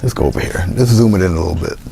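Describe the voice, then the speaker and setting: Low gravelly man demonstrating painting. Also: very fast, slight background noise. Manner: relaxed, talks through each step, trails into quiet asides. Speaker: painting instructor. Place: indoor studio.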